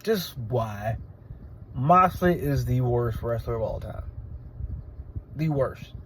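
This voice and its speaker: A man's voice: mid-range voice, expressive, takes it slowly, background noise. A man giving a casual, blunt and rambling review of a wrestling show, often restarting his sentences.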